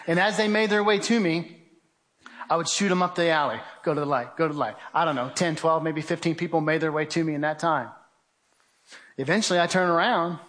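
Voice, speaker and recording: Addressing the audience as "guys," a middle-aged male guest speaker offers an earnest testimony in a plain, conversational style. His voice is a little high and a bit bright.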